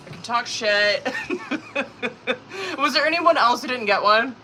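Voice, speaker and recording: Woman tarot streamer, crisp bright tone, loose and profane, laughs a lot, talks into a phone. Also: on the high side, lively intonation, slow, a little hiss or hum, poor audio. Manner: chatty, profane, laughs often. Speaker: tarot reader hosting a live stream. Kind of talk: casual live-stream chat. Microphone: phone or tablet.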